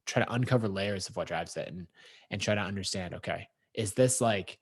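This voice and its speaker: A man's voice: low-pitched, fairly quick, husky, no room sound, studio quality. A man co-hosting a podcast in casual conversation, reflective and thinking aloud with fillers. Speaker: podcast co-host.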